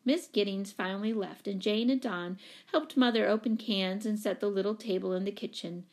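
A woman narrates a children's novel in a calm, even voice. Her pitch sits in an ordinary middle range, and her pacing is steady. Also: normal speed. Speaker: audiobook reader. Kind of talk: reading a children's novel aloud.

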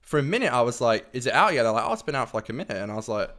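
A young man chatting on a podcast in a relaxed way. He swears easily and leans on filler words like "literally". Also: medium pitch, rapid-fire. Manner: laid-back, swears, says literally a lot. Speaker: podcast co-host. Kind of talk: casual chat.

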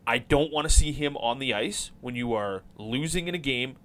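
Male podcast host, mid pitch, very expressive, casual and rambling. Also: moderate pace. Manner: animated, rambling, swears casually. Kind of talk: casual chat about hockey.

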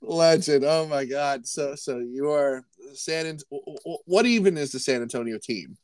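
A man's voice: on the high side, expressive, normal speed, no echo. Young male podcast co-host, loose rambling delivery, dry close-miked sound. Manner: rambling, joking, restarts and laughs. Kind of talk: casual sports chat.

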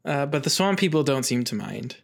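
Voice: mid-range voice, very animated, a little fast, gravelly. A podcast co-host casually narrating plot points, with a self-deprecating manner. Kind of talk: casual episode recap chat.

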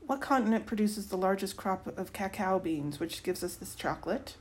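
A woman's voice: medium pitch, lively intonation, moderate pace, close to an everyday voice. A woman reading aloud, voicing a wise, no-nonsense neighbor who tutors a child, speaking plainly and firmly. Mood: matter-of-fact.

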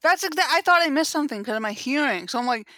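A woman's voice: high-pitched, lively intonation, rapid-fire, pushed and bright, no room sound. A young woman co-hosting a casual chat, recapping a show with lots of "like" fillers. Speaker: podcast co-host.

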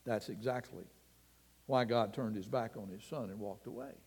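A man preaching a sermon as pastor, earnest and deliberate, sometimes dropping his voice to a hush. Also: fairly low pitch, breathy edge, big-room sound. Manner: slow, earnest preaching with dramatic drops to a hush.

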